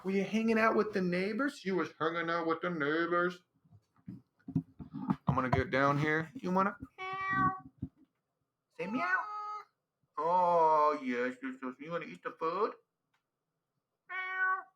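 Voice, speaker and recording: A man's voice: high-pitched, big pitch swings, measured pace, long pauses, bright, forceful tone, slight background noise, full character voice. A man putting on a silly, sing-song baby-talk voice, cooing and mock-scolding like he's talking to a pet. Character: fussy high baby-talk pet voice, male adult.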